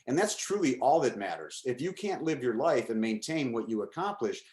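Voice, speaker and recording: A man's voice: mid-range voice, big pitch swings, fairly quick, a little mellow. A man hosting an interview as a coach, talking sincerely and emphatically with a client. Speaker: coach and program host. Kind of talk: casual interview. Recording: echoey room.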